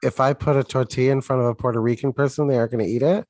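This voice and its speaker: A man's voice: mid-range voice, steady tone, very fast, darkish tone, dry recording. Man chiming in with wry questions. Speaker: podcast co-host. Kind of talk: casual podcast chat.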